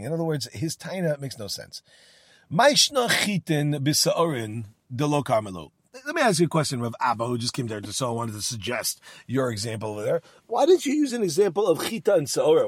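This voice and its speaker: Animated man teaching Talmud. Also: a little high, no echo, clean studio sound. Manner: animated, acts out the rabbis' dialogue, mixes Hebrew and Aramaic terms. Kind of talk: casual Talmud class.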